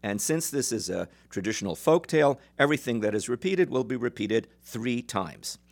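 A man lecturing as he retells a traditional folk tale in a measured way, with some fillers. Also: medium pitch, animated. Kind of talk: storytelling lecture.

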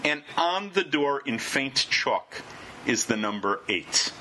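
A man telling a personal travel anecdote to listeners in an animated, wry, self-deprecating way. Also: medium pitch, slow pace, a little hiss or hum. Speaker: storyteller.

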